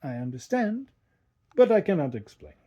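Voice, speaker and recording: A man reading aloud and voicing a young Italian fisher lad who speaks gravely and haltingly. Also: a little high, sing-song, mellow, lo-fi sound.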